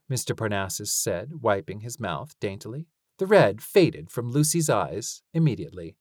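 A woman narrating a storybook in an expressive storytelling manner. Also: extremely low pitch, normal speed, few pauses, no room sound, studio quality. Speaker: audiobook narrator. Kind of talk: scripted narration.

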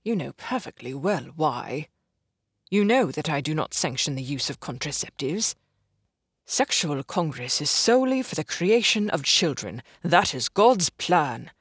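A man's voice: on the high side, sing-song, measured pace, fairly bright tone, husky, no echo, studio quality, heavily acted. A narrator voicing a stern, pompous older male doctor who speaks coldly and acidly. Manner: cold, acid, moralizing.

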